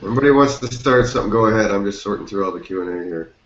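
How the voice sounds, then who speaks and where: A man's voice: fairly low pitch, very fast. Chill guy hosting a chat, laughs a lot, echoey muffled call sound. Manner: loose, laughing, thinks aloud with fillers. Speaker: chat host. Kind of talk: casual group chat over a call. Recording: echoey, dull call audio.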